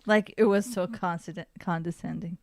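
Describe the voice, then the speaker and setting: A woman's voice: fairly low pitch, steady tone, normal speed, gravelly, no echo, clean studio sound. A woman co-hosting a podcast in casual chat, talkative with frequent laughs and restarts. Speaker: podcast co-host.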